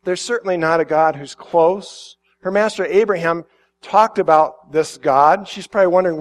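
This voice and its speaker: A middle-aged man with a fairly high voice, preaching a sermon. He reads a passage and then reflects on it in an easy, conversational manner, often restarting phrases and acting out little quotes. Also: normal speed. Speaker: pastor.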